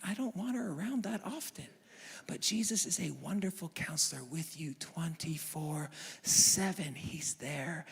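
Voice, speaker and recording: A man in his thirties preaching a sermon with humor, moving from hushed asides to loud, fervent passages. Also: a little high, gravelly, breathy edge. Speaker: pastor. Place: church auditorium. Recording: long church hall reverb.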